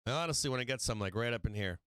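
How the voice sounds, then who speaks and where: A man hosting a live stock trading stream, chatting casually, swearing freely and laughing often, sometimes getting loud and excited. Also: medium pitch, very fast, smooth, no room sound. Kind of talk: casual profane trading commentary.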